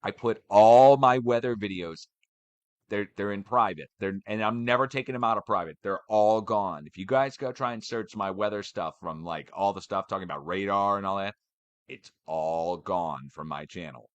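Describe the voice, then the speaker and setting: A man giving a casual, animated ranting update for his channel, swearing as he goes. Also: on the low side, normal speed, no room sound, dull audio. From United States. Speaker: channel host.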